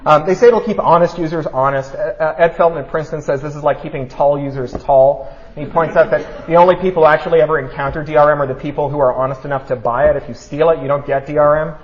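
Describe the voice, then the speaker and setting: Man, public talk, quick animated delivery, somewhat high pitch, dull lo-fi sound. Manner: fast, animated, keeps saying right. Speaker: speaker at a talk. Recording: dull lo-fi recording.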